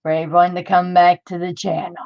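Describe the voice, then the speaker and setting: A woman with a lowish, darkish voice comes through a muffled recording. She hosts a crafting livestream, chatting casually, reading dated text aloud, stumbling over hard words and crying out in disbelief.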